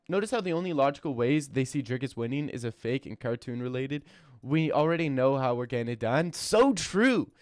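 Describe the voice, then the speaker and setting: A young man hosting a casual livestream Q&A, joking and reading chat aloud with quick asides. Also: medium pitch, dry recording, clean studio sound. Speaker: streamer host.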